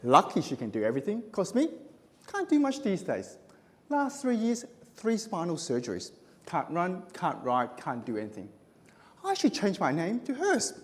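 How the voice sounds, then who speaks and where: A man delivers a humorous speech from a conference stage. His punchy, self-mocking lines bounce all over his pitch range. His voice rings through a large echoey hall. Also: wildly swooping pitch, moderate pace. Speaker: contest speaker.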